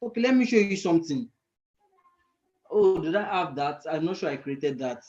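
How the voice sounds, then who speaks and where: A man mentoring frontend coders in a live screen-share lesson, thinking aloud and often pausing to search for the right word. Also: fairly high pitch, lively intonation, a little mellow, dull audio.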